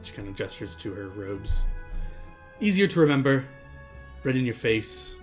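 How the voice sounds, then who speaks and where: A man voicing a cheerful, sly tiefling woman scholar in a tabletop game, with a theatrical, drawn-out delivery. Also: medium pitch, very animated, soft background music, lightly acted. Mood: sly, welcoming.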